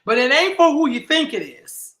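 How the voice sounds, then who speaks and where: Man, high-pitched voice, sharp and bright tone, heated profane livestream rant, emphatic repetition, echoey room. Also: sing-song, normal speed. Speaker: livestream host. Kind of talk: impassioned livestream monologue.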